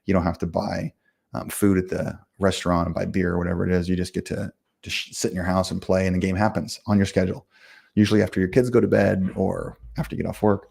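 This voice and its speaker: A man's voice: sits low, level tone, vocal fry, a little mellow, husky. A man hosting a casual livestream and answering viewer comments about running games, in a blunt, self-assured, rambling way with lots of fillers. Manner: fast, rambling, full of fillers and restarts. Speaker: livestream host and game company owner.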